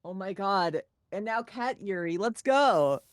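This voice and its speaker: A woman's voice: medium pitch, animated, a little slow, dry recording. A woman joining a game stream over a voice call, joking dryly and swearing casually. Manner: sardonic, jokey, swears freely. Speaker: guest co-player.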